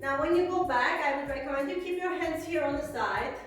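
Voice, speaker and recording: A woman's voice: high-pitched, brisk. A woman teaching a beginner belly dance class, explaining moves and counting steps aloud as she demonstrates. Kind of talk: online dance lesson, counting beats. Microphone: phone camera at a distance. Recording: very echoey room, voice from far off, faint music.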